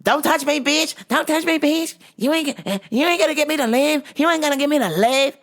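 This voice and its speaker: A woman's voice: sits low, sing-song, normal speed, a bit bright, pitched below the performer's own voice. A woman voicing an erratic, aggressive young male customer who rambles and talks back, in a casual vlog story. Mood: defiant. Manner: rambling, defiant.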